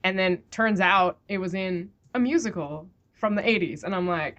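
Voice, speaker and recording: A woman's voice: medium pitch, moderate pace, hardly any pauses, fairly bright tone, highs cut off. A woman hosting a podcast in casual, giggly, enthusiastic chat. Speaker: podcast host.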